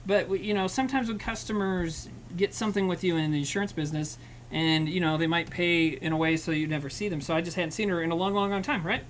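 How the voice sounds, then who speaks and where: A man's voice: high voice, steady tone, fast talker, slight background noise, poor audio. A man chatting casually with his livestream chat while he cooks, rambling and swearing, joking at his own expense. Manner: rambling, profane, self-mocking banter with chat. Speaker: streamer cooking live.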